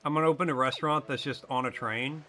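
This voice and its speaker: A man's voice: medium pitch, fairly even intonation, fast, sharp tone, soft background music. A man joking and riffing with his chat while playing a video game on a stream. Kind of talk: casual gaming stream chat.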